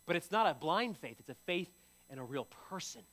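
A man's voice: on the high side, sing-song, brisk, a bit bright. A man preaching a sermon in a conversational way, often repeating and restarting his words. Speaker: pastor.

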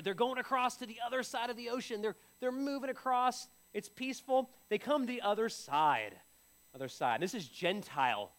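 A man's voice: fairly high pitch, fairly bright tone. A middle-aged man preaching a sermon, telling the story vividly and acting out the voices of the people in it. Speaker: pastor.

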